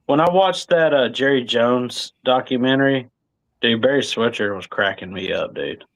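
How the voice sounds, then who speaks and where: A man's voice: medium pitch, moderate pace, fairly bright tone. A man co-hosting a casual sports talk show, telling football stories in a laid-back way. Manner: laid-back storytelling with frequent "dude".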